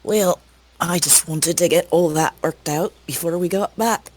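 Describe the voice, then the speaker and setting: A man voicing a confident, teasing female mercenary, pitching his voice up. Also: a little slow. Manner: teasing, self-assured.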